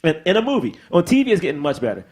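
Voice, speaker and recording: A man co-hosting a podcast in casual chat, retelling movie scenes with lively, acted-out voices. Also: a little high, rapid-fire, husky. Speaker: podcast co-host.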